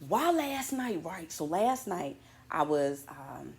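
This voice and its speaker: A woman hosting a morning show in a casual monologue, animated and slangy, full of playful asides to her viewers. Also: lowish voice, slow, vocal fry.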